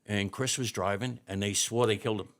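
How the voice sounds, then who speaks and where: A man's voice: on the low side, fairly even intonation, fairly quick. A man in his sixties, a retired fire chief, telling rambling anecdotes with many restarts as an interview guest. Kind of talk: interview storytelling.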